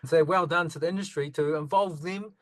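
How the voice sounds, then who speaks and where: High-voiced male podcast host, dry sound. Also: fairly quick, no echo, low-quality recording. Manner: frequent encouraging backchannels, lively anecdotes. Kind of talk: casual interview chat.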